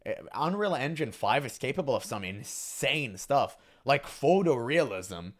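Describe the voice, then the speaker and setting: Scornful ranting man with lively pitch. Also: a little slow. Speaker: reaction commentator. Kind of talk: casual reaction commentary.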